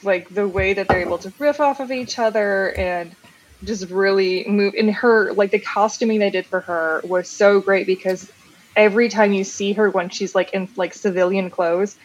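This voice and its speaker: A woman's voice: medium pitch, steady tone, normal speed, slight background noise, poor audio. A woman chatting enthusiastically about comics and a TV series, rambling a little with fillers. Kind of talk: casual chat about comics and TV.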